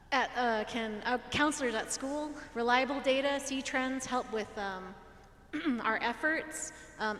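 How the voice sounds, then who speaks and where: A woman's voice: a little high, fairly bright tone. A woman reading a list of notes aloud at a forum, hesitant, with many fillers between the items. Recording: echoey hall.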